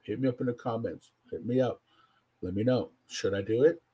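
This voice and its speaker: A man co-hosting a podcast, telling stories in casual chat, cursing often, slangy and animated. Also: mid-range voice, brisk, breathy edge. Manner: profane, animated storytelling with slang. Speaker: podcast co-host.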